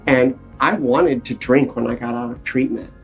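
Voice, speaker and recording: A man speaking as a guest on a recovery podcast, sharing his experience in an earnest, animated storytelling manner. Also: mid-range voice, moderate pace, soft background music. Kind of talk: casual podcast interview.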